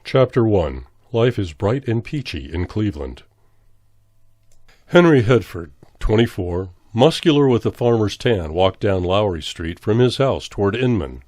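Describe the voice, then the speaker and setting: Guy reading a spooky story, low voice, slow dramatic reading. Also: lively intonation, a little mellow, no room sound, clean studio sound. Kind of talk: scripted horror narration.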